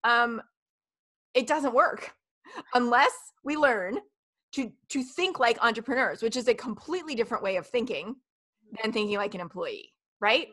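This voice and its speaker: A woman in her thirties hosts a casual live stream, her voice pitched a little high with a bright, forceful edge. She talks in a chatty, animated way, rolling through stories. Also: moderate pace. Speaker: host.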